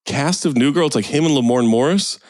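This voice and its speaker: A man's voice: mid-range voice, fairly quick, darkish tone, no room sound, studio quality. A man co-hosting a podcast in casual chat, teasing the others and telling stories expressively. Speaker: podcast co-host.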